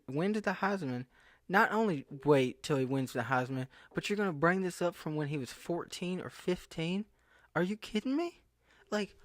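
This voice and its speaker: A young man from the American South, voice a little high, rambles casually to camera in vlog style, talking over himself and sounding incredulous. The computer screen recording is clean and studio-grade, with no echo.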